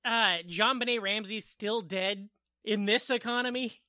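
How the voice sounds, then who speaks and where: A man's voice: high voice, fairly even intonation, unhurried, sharp tone, no room sound, clean studio sound. A man co-hosting a podcast from home, chatting casually with sarcastic, profane jokes. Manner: joking, profane, sarcastic asides. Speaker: podcast co-host. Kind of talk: casual comedic chat. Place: home living room.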